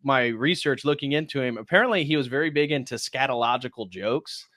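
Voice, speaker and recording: A man's voice: mid-range voice, fairly quick, a bit bright, no echo, clean studio sound. A man hosting a stream, chatting casually through a film review and acting out the characters' lines as he recounts scenes. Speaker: host. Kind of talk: casual movie review chat.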